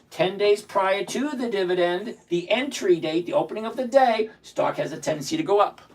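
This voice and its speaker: A man hosting a stock-trading livestream, talking bluntly and with exasperation, rattling off countdowns and numbers. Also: high voice. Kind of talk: casual livestream talk.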